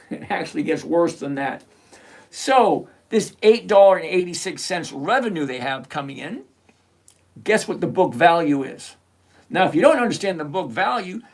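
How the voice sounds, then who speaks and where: High-voiced blunt man reviewing stocks. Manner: blunt, sarcastic, chatty teacher. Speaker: livestream host. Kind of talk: live stock-picking commentary. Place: at his computer, reviewing charts.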